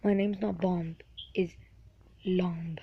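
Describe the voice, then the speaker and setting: A woman voicing a sulky male cartoon bomb bird in a fan toy role-play, talking in a grumbling, halting way with fillers. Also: on the low side, fairly even intonation, breathy edge, muffled recording, full character voice. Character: low-voiced male cartoon bomb bird, sulky, fussy about his name.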